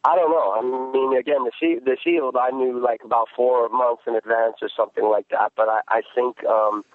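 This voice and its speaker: A male actor answering interview questions, talking haltingly with many restarts. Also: mid-range voice, steady tone, no echo. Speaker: actor guest. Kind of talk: interview over the phone. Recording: tinny phone line.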